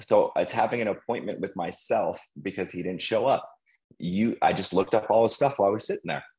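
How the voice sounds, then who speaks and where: A man who coaches loan officers, giving an energetic motivational sales talk and acting out quotes. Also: fairly low pitch, a little fast, rough recording. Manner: energetic, acts out quoted voices.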